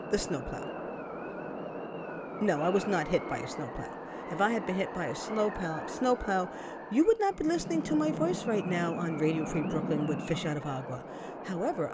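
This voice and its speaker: Wry woman telling a story on radio. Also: on the low side. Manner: wry, dramatic, acts out dialogue. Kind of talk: personal story told on radio. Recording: loud vehicle noise behind.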